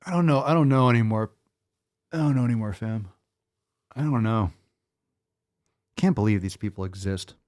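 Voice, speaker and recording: A man's voice: fairly low pitch, normal speed, pauses often, a little mellow. A man hosting a show, talking in casual, profane, rambling commentary with a sarcastic, exasperated edge. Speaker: show host. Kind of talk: livestream commentary.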